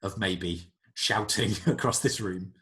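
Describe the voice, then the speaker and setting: A man narrating as game master, describing scenes in an unhurried, descriptive way. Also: fairly low pitch, bright, forceful tone.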